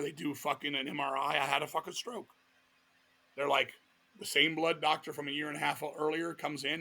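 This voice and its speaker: A middle-aged man from Virginia, telling a long personal story in an interview with a blunt, profane, animated manner. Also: fairly high pitch, creaky. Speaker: guest musician.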